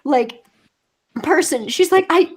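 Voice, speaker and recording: High-voiced woman telling a story. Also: slow pace. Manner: animated, anecdotal, filler-heavy. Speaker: panelist. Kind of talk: casual storytelling in a group chat.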